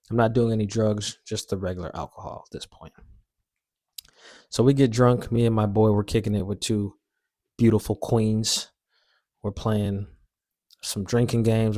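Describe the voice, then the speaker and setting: A young man telling a story-time tale in a casual, animated, slangy and self-mocking way. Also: fairly low pitch, dry recording, clean studio sound.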